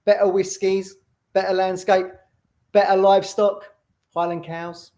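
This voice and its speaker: A man's voice: high-pitched, measured pace. A man joining a fan podcast as a contributor, chatting casually in a jokey way with easy laughs. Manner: jokey, animated, laughs easily. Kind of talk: casual chat.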